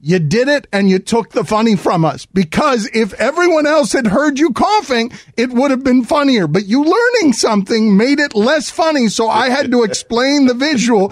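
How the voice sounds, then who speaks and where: A man's voice: extremely high pitch, no echo, studio quality. A man hosting a sports radio show, teasing his co-hosts in comic banter. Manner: mocking, theatrical teasing.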